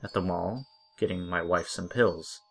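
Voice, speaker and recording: A man doing a loud, greedy schemer. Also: low-pitched, a little slow, vocal fry, faint music behind, heavily acted. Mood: muttering. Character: adult man, impulsive and greedy, grows frantic.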